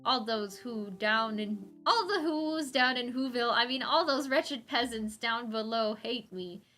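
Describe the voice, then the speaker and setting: A woman's voice: on the high side, a little slow, bright, forceful tone, faint music behind. A woman voicing a scheming, gloating male villain while reading a comic aloud. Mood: bitter. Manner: gloating, sneering delivery. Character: scheming villainous male robot-maker Scrooge. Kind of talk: comic read aloud with voices.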